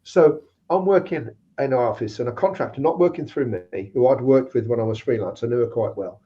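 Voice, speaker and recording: A man's voice: medium pitch, fairly quick. A man telling work anecdotes in casual chat and acting out the people he quotes. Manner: anecdotal, acts out quoted voices. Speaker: guest speaker on recruitment. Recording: slightly dull lo-fi sound.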